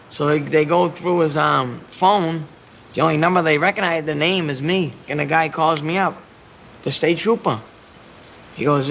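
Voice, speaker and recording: A man's voice: fairly high pitch, moderate pace, creaky, fairly bright tone, a little hiss or hum. A man and retired boxer, recalling stories in a casual interview, rambling with restarts and quoting others. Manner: rambling anecdotes with restarts and quoted dialogue.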